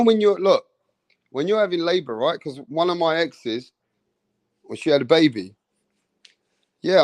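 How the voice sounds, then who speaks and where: A man giving a profane, slangy, animated rant as a boxing commentator on a live stream. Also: on the high side, no room sound.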